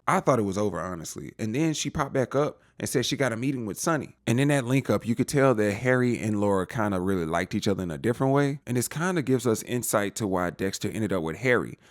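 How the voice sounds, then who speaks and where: A man's voice: on the low side, no echo, studio quality. A man giving a casual, slangy spoiler recap of a TV episode, talking straight to the viewer. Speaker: TV show reviewer.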